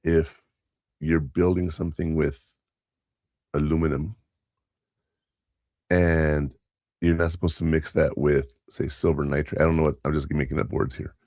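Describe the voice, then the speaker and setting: Gruff radio host, very low voice, dry close sound, talks straight and lectures. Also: male voice, level tone, a little slow, pauses often, a little mellow, no echo. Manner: blunt, lecturing, plain-spoken. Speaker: podcast host. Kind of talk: casual radio talk.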